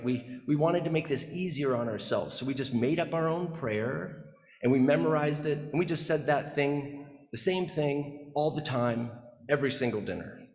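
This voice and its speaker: A man from the Midwest preaching through a personal story, chatty and conversational, restarting his sentences as he goes. His voice sits a bit high. It rings with the long reverb of a church sanctuary. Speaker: guest preacher. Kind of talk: storytelling sermon. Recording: echoey church hall.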